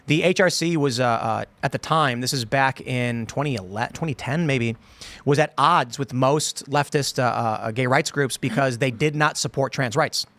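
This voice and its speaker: A man's voice: medium pitch, normal speed, fairly bright tone, no room sound. A man in his thirties hosting a casual political talk show, rambling through stories and acting out quotes in put-on voices. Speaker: podcast host.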